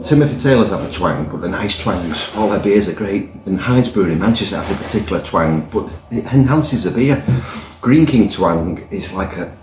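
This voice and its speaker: A man's voice: low-pitched, expressive, normal speed, crowd noise. A man reviewing a pint in a pub, chatting in a rambling, jokey way. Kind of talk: casual review with a joke. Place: indoors in a pub by the fire. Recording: roomy pub echo.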